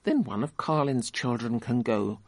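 A calm amused mother, as a man reads her. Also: medium pitch, normal speed, no echo, lightly acted. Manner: unruffled, mildly dry.

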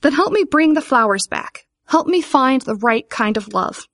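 A woman voicing an earnest, upset young girl in a storybook reading, high and pleading. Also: lively intonation, normal speed, a bit bright, no room sound, studio quality.

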